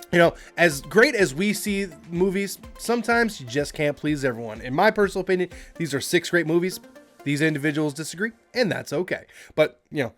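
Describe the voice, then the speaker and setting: A man hosting a movie trivia podcast, reading quotes aloud and adding casual asides. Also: a little high. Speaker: quiz podcast host.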